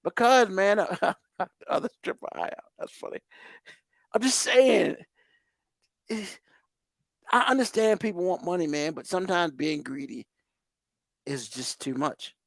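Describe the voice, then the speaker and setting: A man's voice: sits high, a little slow, vocal fry, pauses often, dry recording, clean studio sound. A man hosting a podcast, ranting in heated, profane exasperation. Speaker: podcast host.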